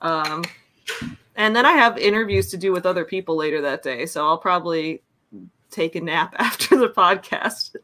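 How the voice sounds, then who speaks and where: Young woman, podcast co-host, bright clear tone, chatty, laughs a lot. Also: fairly low pitch, normal speed, slight background noise. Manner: chatty, laughs often, acts out her dog's reactions. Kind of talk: casual chat.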